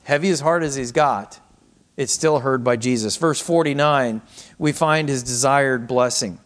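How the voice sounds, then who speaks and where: A middle-aged man preaching a sermon, swinging between raised cries and hushed, almost whispered passages. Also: medium pitch, unhurried. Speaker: pastor.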